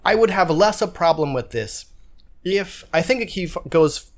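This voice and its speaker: A man's voice: high-pitched, animated, unhurried. A man co-hosting a casual podcast, chiming in with wry, sarcastic remarks. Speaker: podcast co-host.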